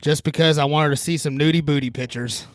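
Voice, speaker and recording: A man's voice: fairly high pitch, steady tone, a little fast. A man co-hosting a podcast in casual chat, joking around with crude banter. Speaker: podcast co-host.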